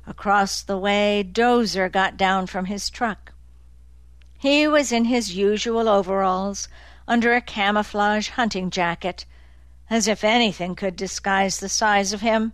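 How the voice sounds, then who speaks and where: Slow steady lady reading an audiobook, very dry sound. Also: medium pitch, smooth, no echo. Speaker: audiobook narrator. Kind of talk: scripted narration.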